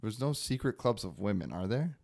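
A man's voice: lowish voice, very animated, a little fast, creaky, a little mellow. A man co-hosting a podcast, chatting casually and tossing out dry joking asides. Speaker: podcast co-host. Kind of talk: casual chat.

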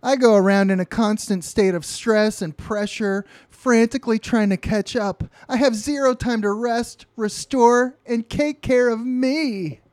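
A man voicing a stressed teenage girl from a comic strip, reading her lines in a high, whiny, overwrought tone. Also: unhurried, hardly any pauses, darkish tone, no room sound. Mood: pleading.

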